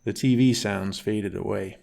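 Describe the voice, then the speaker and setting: A man narrating a first-person bedtime story in a calm, unhurried reading voice. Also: on the low side, gravelly.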